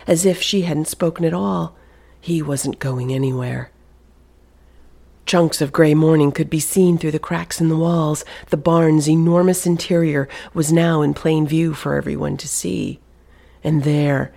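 A narrator reading a suspenseful novel aloud, in a hushed delivery that often drops to a whisper. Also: medium pitch, fairly even intonation, a little slow, creaky. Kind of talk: audiobook narration.

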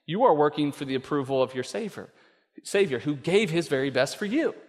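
A man's voice: fairly high pitch, expressive, fairly quick. Preaching man in an echoing hall. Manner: storytelling, swings to loud emphatic preaching. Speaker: pastor. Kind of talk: sermon. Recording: long reverb of a large hall.

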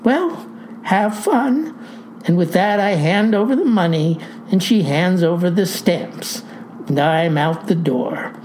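A woman's voice: on the low side, a little slow, a little mellow, a little hiss or hum. A woman telling a comic tall tale in a wry manner, speaking directly to her listeners. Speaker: storyteller.

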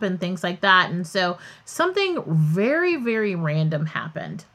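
Animated, candid woman telling a story. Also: fairly low pitch, unhurried. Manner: candid, chatty and digressive. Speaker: podcast host. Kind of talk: casual storytelling.

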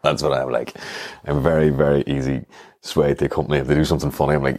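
A man's voice: rumbling low, rapid-fire, a little mellow, no room sound, studio quality. A man hosting a show, rambling through comic, self-mocking stories and acting out the other people in them. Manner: rambling, self-mocking, acts out voices in quotes. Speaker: podcast host. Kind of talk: comic storytelling monologue.

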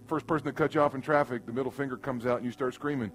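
A man preaching a sermon in a church room, who moves from loud bursts to quiet, earnest passages and acts out the voices he quotes. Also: mid-range voice, fast talker, few pauses, soft background music. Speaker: pastor.

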